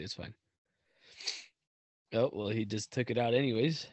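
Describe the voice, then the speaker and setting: A man co-hosting a loose podcast chat, rambling along in slang with plenty of cursing and filler words. His voice sits at an ordinary middle pitch for a man. The recording is close and dry, with almost no room sound. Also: very animated, normal speed, pushed and bright, no echo. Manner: slangy, swears a lot, rambling with many fillers. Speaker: podcast co-host.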